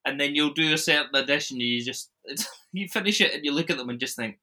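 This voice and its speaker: A man hosts a podcast in an easy, joking way. His voice is very bright and sharp, and he laughs quickly during the banter. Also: fairly high pitch, lively intonation. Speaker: podcast host. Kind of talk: casual podcast chat.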